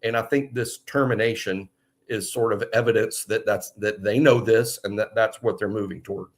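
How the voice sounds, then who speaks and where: A man co-hosting a sports podcast, giving measured, thoughtful analysis with frequent fillers. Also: lowish voice, fairly even intonation.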